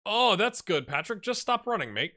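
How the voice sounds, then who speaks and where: Bright, chatty man in his forties. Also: high-pitched, big pitch swings, normal speed. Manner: rambling, self-deprecating, chatty. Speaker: gaming YouTuber. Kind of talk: casual let's-play commentary.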